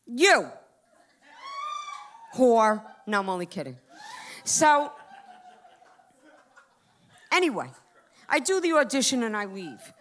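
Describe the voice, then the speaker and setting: A woman's voice: fairly high pitch, sing-song, slow pace, long pauses, a little hiss or hum. A woman in her fifties doing stand-up storytelling, brash and profane, talking straight to the crowd. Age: 50s. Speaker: comedian.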